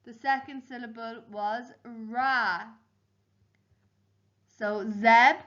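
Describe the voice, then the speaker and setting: Teacher lady spelling words out super slow for little kids, bit high voice, muffled lo-fi sound. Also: a bit bright. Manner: slow, clear spelling-out of syllables and letters. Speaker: primary school teacher. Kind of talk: home learning phonics lesson.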